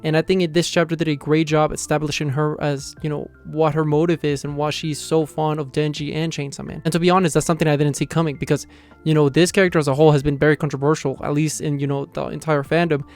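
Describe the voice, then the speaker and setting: A man talks quickly in a slightly higher voice, recapping a manga chapter in a loose, rambling way and leaning on "you know" again and again. Faint music plays underneath. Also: level tone, a little mellow. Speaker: manga reviewer.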